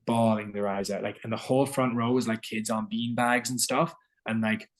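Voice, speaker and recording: Low-voiced man telling a rambling story. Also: little pitch movement, normal speed. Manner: rambling storytelling, heavy filler words. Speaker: guest singer-songwriter. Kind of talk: casual interview chat.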